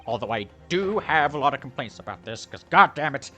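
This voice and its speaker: A man's voice: mid-range voice, very animated, a little fast, bright, forceful tone, faint music behind. A man commentating casually on a game he is playing, joking and swearing. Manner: joking, profane. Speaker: let's play commentator.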